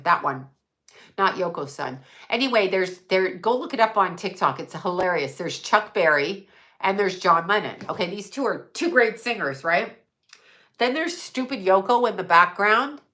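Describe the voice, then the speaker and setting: Bright-voiced, rambling middle-aged woman. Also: mid-range voice. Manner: rambling, profane, laughs often. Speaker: livestream host. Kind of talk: casual livestream monologue.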